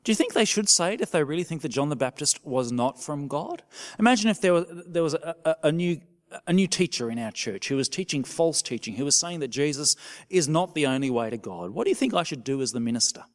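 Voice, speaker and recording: A male minister preaching a sermon, asking the congregation questions and dropping to a soft voice at times. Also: fairly high pitch, quick pace. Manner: animated, questioning the congregation with sudden soft drops.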